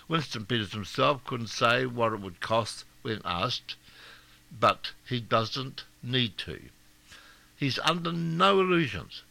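A man's voice: mid-range voice, vocal fry, pushed and bright. A man hosting talk radio, giving blunt, scornful and mocking opinion commentary. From Scotland.

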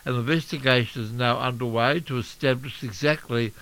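A man's voice: medium pitch, low-quality recording. New Zealand man reading radio news. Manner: steady, measured reading with occasional slips. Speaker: radio newsreader. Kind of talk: local radio news bulletin.

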